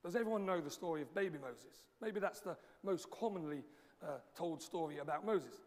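A man with a slightly croaky voice preaching a sermon in a conversational, unhurried way, pausing often with small fillers. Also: fairly high pitch, expressive. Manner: measured, conversational preaching with frequent pauses and fillers. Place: church sanctuary, live-streamed service. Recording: long reverb of a large hall.

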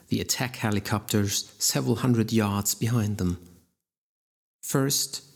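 A man narrating an action audiobook in a steady, measured way. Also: fairly low pitch, vocal fry, slightly rough.

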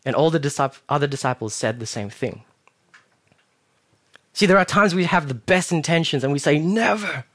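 A young man preaching a casual sermon, telling self-mocking stories with animated asides. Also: on the high side, normal speed, long pauses.

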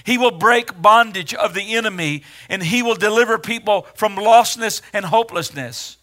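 A man's voice: sits high, moderate pace, pushed and bright. A man preaching a sermon in an earnest way, rising to emphatic when he reads scripture aloud.

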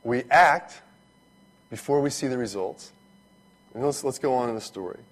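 Man, pastor, conversational sermon, mid-pitched voice, animated storytelling. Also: normal speed. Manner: conversational, animated when retelling stories.

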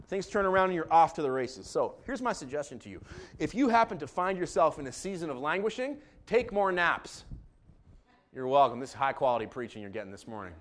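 A man preaching a sermon as pastor, joking and animated, moving between calm asides and loud bursts. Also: high voice, fast.

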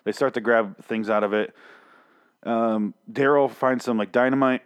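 A man's voice: mid-range voice, fairly even intonation, a little slow, clear, resonant tone. A man casually recapping a TV episode, rambling and swearing, with sarcastic asides.

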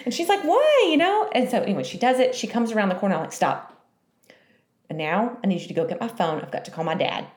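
A woman in her thirties chatting casually, telling a story with lively, acted-out quotes. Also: lowish voice, quick pace. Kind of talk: casual chat, animated storytelling. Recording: echoey room.

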